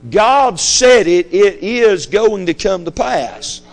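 A man's voice: sits high, very animated, slow pace, faint music behind. A man preaching a fiery sermon, emphatic and repetitive, hammering his points home. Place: church sanctuary.

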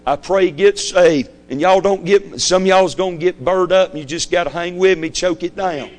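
A man's voice: high voice, a little fast. A man preaching a fiery sermon, emphatic and repetitive, hammering his points home. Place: church sanctuary.

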